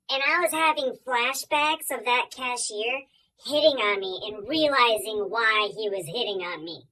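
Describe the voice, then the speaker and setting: A woman doing a comic storytime monologue with a bright, forward voice. She is animated and theatrical, jumping from loud punchlines to quiet murmured asides. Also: on the high side, measured pace, poor audio. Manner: animated, swings loud and soft. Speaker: comedian.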